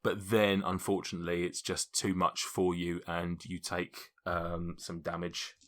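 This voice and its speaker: A man narrating as game master, chatty and quick to laugh. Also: deep voice, completely flat delivery. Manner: chatty, laughing often, casual swearing.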